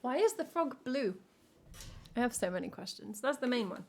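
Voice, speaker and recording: A woman's voice: a little high, expressive, moderate pace, loud music behind the voice. A woman with an English accent, a singer-songwriter chatting casually with her live stream audience in a dry, self-mocking way. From England. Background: ukulele playing.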